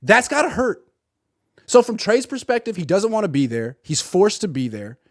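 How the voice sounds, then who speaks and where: A man's voice: high voice, big pitch swings, moderate pace, dry recording, clean studio sound. A man giving a sarcastic sports commentary monologue and acting out imagined dialogue.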